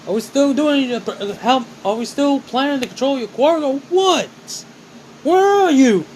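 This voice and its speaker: A man's voice: fairly high pitch, animated, slow pace, a little hiss or hum, pitched above the performer's own voice. A man voicing a hot-tempered teenage boy hero who swears bluntly. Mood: shouting.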